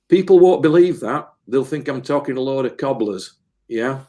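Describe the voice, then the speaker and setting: A man's voice: medium pitch, animated, measured pace, a little mellow. A man, a medium giving an earnest, emotional interview, often repeating words as he rambles. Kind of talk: casual spiritual interview talk.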